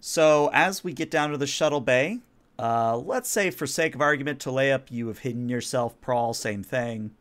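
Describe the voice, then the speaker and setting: A man's voice: mid-range voice, normal speed, fairly bright tone. A man narrating a tabletop role-playing game as game master, describing scenes and calling for rolls. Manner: descriptive, storyteller.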